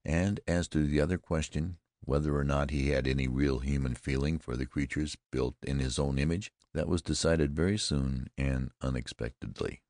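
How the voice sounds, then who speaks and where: A man narrating a first-person audiobook in a measured, deliberate storytelling manner on a close microphone. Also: a bass voice, steady tone, darkish tone, dry recording.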